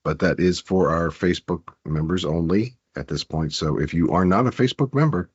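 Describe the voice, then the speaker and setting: A man co-hosting a podcast, sounding nasal and under the weather, with a halting, filler-heavy delivery. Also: sits low, breathy edge, no room sound, muffled recording. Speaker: podcast co-host. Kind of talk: casual podcast chat.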